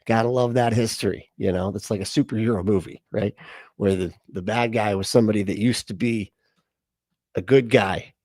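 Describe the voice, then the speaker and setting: A man's voice: fairly low pitch, fairly even intonation, normal speed, darkish tone, dry recording, studio quality. A man casually hosting a livestream reaction, chatty and rambling, laughing often as he talks.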